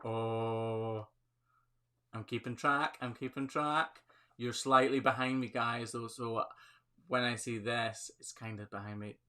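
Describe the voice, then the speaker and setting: A man's voice: medium pitch, fairly even intonation, slow pace, sharp tone. A man with a Scottish accent hosting a casual live Q&A on his phone, chatty and upbeat, laughing often as he reads viewer comments. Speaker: livestream host, hoof trimmer.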